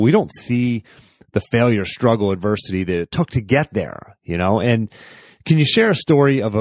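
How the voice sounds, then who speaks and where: A man's voice: on the low side, darkish tone, dry recording, studio quality. A man hosting a podcast, asking long, searching questions. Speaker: podcast host. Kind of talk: interview questions.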